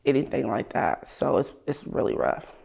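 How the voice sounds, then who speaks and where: A woman from Ohio, a guest in an interview, speaking candidly and casually, her voice sometimes trailing off softly. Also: extremely low pitch, lively intonation, normal speed, gravelly, husky. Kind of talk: emotional personal interview.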